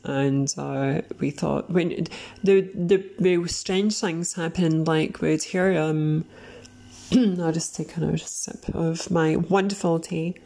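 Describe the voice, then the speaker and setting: A woman's voice: low voice, steady tone, takes it slowly, gravelly, dark tone. A woman hosting a podcast, telling a story casually, rambling with many fillers and laughing often. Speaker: podcast host.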